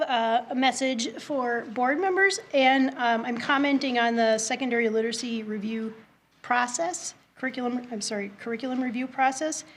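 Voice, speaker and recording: A woman giving a prepared public comment at a school board meeting, reading from notes in a measured way with small self-corrections. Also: a little high.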